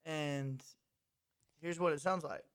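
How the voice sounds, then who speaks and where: High-voiced young guy saying "dude". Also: takes it slowly, clear, resonant tone. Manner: laid-back, says "dude" a lot, gets loud and excited when riled up. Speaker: podcast co-host. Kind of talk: casual podcast banter.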